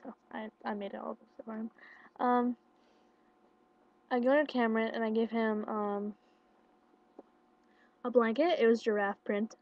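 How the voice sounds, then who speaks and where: A young woman casually retelling a concert meet-up into a webcam, excited and chatty, with lots of fillers and quoted dialogue. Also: on the high side, a little slow, long pauses. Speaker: vlogger. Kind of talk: casual storytelling. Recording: lo-fi webcam audio.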